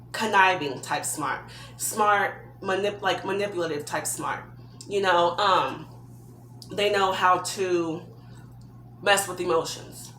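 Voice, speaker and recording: A woman's voice: medium pitch, pushed and bright, slight background noise. Earnest woman vlogging in an echoey room. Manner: earnest, heartfelt advice from experience. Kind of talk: personal advice vlog.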